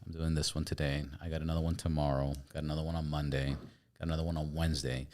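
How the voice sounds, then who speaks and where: Low-voiced chatty podcast host. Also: male voice, flat delivery, very fast, darkish tone. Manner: chatty and candid, swearing casually. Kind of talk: casual chat.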